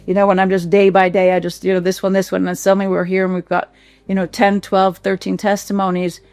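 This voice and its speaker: Gravelly, emotional woman clinic founder. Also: mid-range voice, little pitch movement, a little mellow, no echo. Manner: heartfelt, halting with fillers and repeats. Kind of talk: emotional testimonial.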